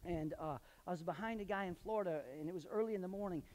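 A male pastor preaching a sermon in a church, telling personal stories and swinging into loud emphatic bursts. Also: sits high, quick pace. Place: church sanctuary. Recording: long hall reverb.

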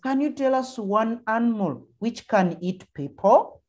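A woman's voice: a little high, expressive, measured pace, a little mellow, highs cut off. A woman teacher with a Ugandan English accent, leading an online primary class over a video call, encouraging pupils with frequent uh-huhs. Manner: encouraging, prompting with frequent uh-huh and mm-hmm.

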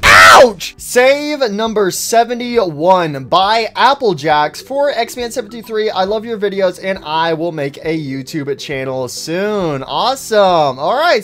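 Brief: energetic male gamer hosting a let's-play, loose and chatty. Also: high voice. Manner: excitable, frequent yo and um fillers. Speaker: gaming YouTuber. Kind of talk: energetic gameplay commentary.

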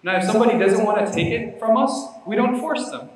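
A man's voice: high-pitched, quick pace. A male preacher giving a casual, conversational religious lecture, urging listeners emphatically and often adding "you know what I'm saying" asides. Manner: urgent, emphatic exhortation. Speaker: Islamic preacher. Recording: very echoey hall, voice from far off.

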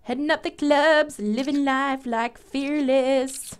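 Giggly, excitable woman gamer. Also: sits high, slow. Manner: excitable, giggly, exclaims often. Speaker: let's play gamer. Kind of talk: casual gameplay commentary.

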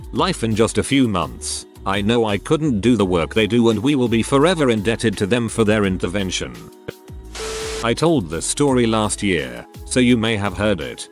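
Man, scripted story narration, lowish voice, animated delivery, faint music behind. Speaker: narrator reading online stories.

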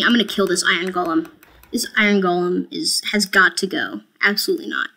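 A woman's voice: lowish voice, a little fast, creaky, pushed and bright. A woman streaming a game, talking casually to viewers in a chatty, self-mocking and playfully dramatic way. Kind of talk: casual gameplay commentary.

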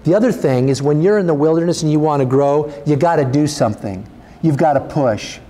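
A man's voice: fast talker, mellow. A male pastor preaching a sermon, earnest and urging, his voice rising as he exhorts the congregation. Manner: earnest, urging, rises in pitch when exhorting.

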